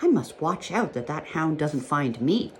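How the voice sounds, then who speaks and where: A woman voicing a cheeky, excitable male rabbit in a children's storybook read-aloud, full of whooping, squeaky laughter. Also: unhurried, a little hiss or hum. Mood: wary.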